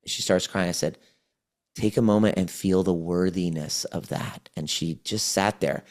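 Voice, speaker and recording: Man, fairly low voice, podcast guest, healing coach, animated storyteller, acts out dialogue. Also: moderate pace. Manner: animated, acts out the client's replies. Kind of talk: conversational storytelling.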